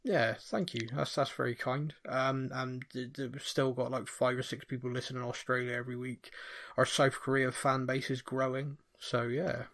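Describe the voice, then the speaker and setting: A man's voice: medium pitch, little pitch movement, normal speed, hardly any pauses, a bit bright. A man hosting a football podcast in casual chat, jokey and teasing. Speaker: podcast host.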